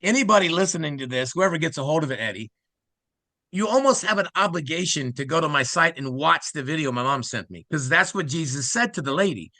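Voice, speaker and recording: A middle-aged man from Ohio, excitedly telling his conversion story as an interview guest and acting out the quoted speech of others. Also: a little high, no room sound. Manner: excited, acts out quoted speech, fast asides.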